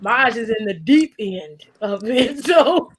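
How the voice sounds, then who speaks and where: A woman's voice: on the high side, lively intonation, takes it slowly, a little hiss or hum, low-quality recording. A woman hosting a casual Q&A call, teasing her friends with blunt slang and frequent laughter. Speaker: host of a live Q&A. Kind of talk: casual group chat.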